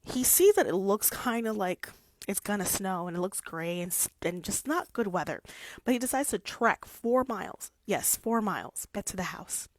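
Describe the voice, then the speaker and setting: A young woman vlogger chatting casually about a classic novel, playful and animated, slipping into quick character voices. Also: medium pitch, no room sound. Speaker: book vlogger. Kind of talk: casual chat.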